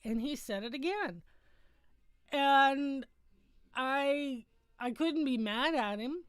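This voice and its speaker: A woman's voice: high voice, takes it slowly, fairly bright tone, no echo. A middle-aged woman hosting a casual livestream from home, chatting in a rambling way and correcting herself as she goes.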